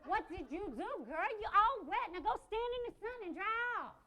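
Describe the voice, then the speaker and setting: Woman playing a sassy, loud-talking mother of five. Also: very high voice, big pitch swings, moderate pace, full character voice. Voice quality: sassy, talkative, blunt, streetwise slang. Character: sassy, outspoken mother of five, struggling with money. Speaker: stage actress. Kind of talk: one-woman stage play.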